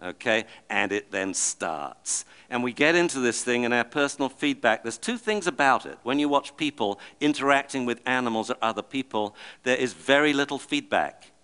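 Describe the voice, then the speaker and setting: A middle-aged man giving a talk to an audience, telling lively stories and acting out the voices in them. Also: mid-range voice, normal speed, hardly any pauses, clear, resonant tone. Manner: animated, acts out the voices of the people and dogs in his stories. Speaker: speaker giving a public talk.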